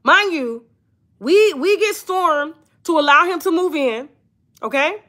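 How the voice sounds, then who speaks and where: High-voiced woman, telling drama storytime, loud and profane. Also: slow. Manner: blunt, profane, animated storytelling with quoted dialogue. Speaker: commentary channel host. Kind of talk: casual storytime commentary.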